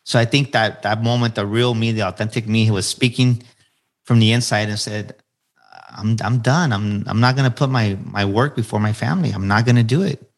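A man in his forties sits down as a podcast guest, his voice sitting on the low side. He talks earnestly, turns to motivational points, and repeats key phrases so they land. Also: steady tone, a little fast. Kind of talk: candid storytelling interview answers.

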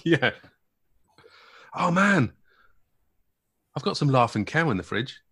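A man with a West Country English accent, co-hosting a casual podcast chat with dry, deadpan humor. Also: medium pitch, takes it slowly, breathy edge. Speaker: podcast co-host.

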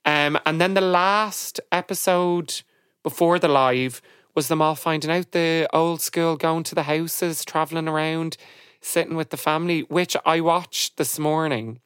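A man, a podcast guest, telling stories in an animated, chatty way. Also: fairly high pitch, a little slow, smooth, no room sound, studio quality. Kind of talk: casual chat.

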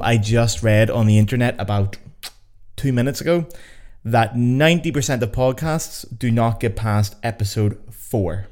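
A man's voice: on the low side, a little mellow. Chatty Belfast man hosting a podcast. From Northern Ireland. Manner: chatty, joking, self-mocking. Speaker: podcast host. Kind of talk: casual podcast chat.

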